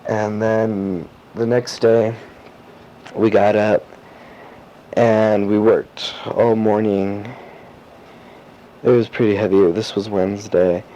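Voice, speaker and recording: A teenage boy recording a personal audio diary, rambling and halting with lots of fillers and restarts. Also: on the low side, flat delivery, mellow. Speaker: diarist. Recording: dull lo-fi cassette tape with faint hiss.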